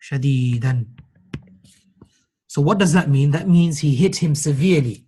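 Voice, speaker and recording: A man with a somewhat high, husky voice teaches a grammar class. He explains patiently, repeats key phrases and encourages his students with praise. His delivery is relaxed and conversational. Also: normal speed. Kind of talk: classroom lesson.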